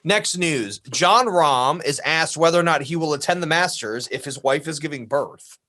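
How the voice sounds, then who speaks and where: A man co-hosting a casual podcast chat, rambling and animated, who keeps dropping into mock voices. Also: fairly high pitch, moderate pace. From US East Coast. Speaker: podcast co-host.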